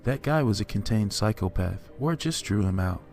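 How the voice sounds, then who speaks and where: A man doing a gentle old southern bus driver. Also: on the low side, animated, moderate pace, vocal fry. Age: older. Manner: kindly, soothing advice.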